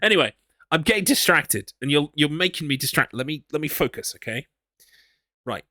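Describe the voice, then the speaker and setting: A man's voice: a little high, lively intonation, a little fast, bright, forceful tone, no room sound, studio quality. An English man streaming a horror game, chatting casually and rambling, teasing himself as he reads his chat. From England. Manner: rambling, self-mocking, talks to himself.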